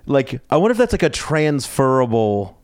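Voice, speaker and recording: A man comedian guest chatting casually, jumping in with quick questions. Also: mid-range voice, very animated, darkish tone, no room sound, clean studio sound. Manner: quick interjections, laughs along. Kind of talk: casual chat. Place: home studio, man cave.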